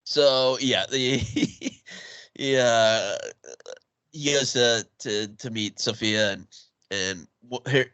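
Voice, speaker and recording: A man's voice: mid-range voice, a bit bright, clear, resonant tone, dry recording. A man co-hosting a movie podcast, retelling a film's plot in casual chat and laughing often. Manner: laughs often, quick asides. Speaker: podcast co-host.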